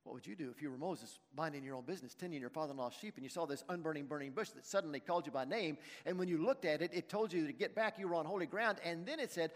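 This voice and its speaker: A man's voice: fairly high pitch, rapid-fire, few pauses. A man preaching a sermon in a church, retelling a story and putting questions to his congregation. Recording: long reverb in a large hall.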